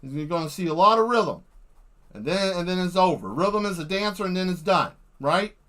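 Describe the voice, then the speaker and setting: Profane joking man, fairly high voice. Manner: profane, animated, jokey, acts out quick voices. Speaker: live art stream host. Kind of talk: rambling comedic chat while painting.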